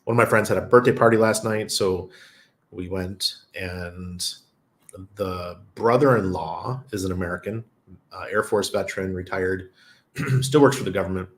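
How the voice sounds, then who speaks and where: A man's voice: sits low, normal speed. A man hosting a casual livestream, reading viewer comments and rambling with frequent chuckles and fillers. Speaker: crypto livestream host. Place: lives in Panama.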